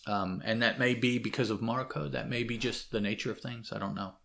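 A man's voice: medium pitch, steady tone, fairly quick, vocal fry, fairly bright tone. A man reading a comic book aloud and commenting on it casually, hesitant, with frequent fillers and self-corrections.

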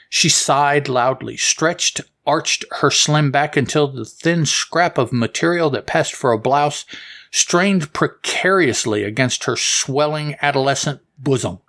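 A man's voice: medium pitch, fairly bright tone. Rambling chatty man reviewing comics. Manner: rambling, self-correcting, chatty. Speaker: comic book podcast host. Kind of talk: casual comic book review, reading aloud.

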